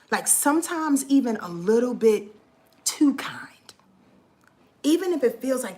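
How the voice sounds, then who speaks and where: A woman's voice: fairly high pitch, big pitch swings, unhurried, long pauses, darkish tone. A woman astrology vlogger talking in a heartfelt, rambling monologue, earnest and swearing freely, emotional and close to tears at times.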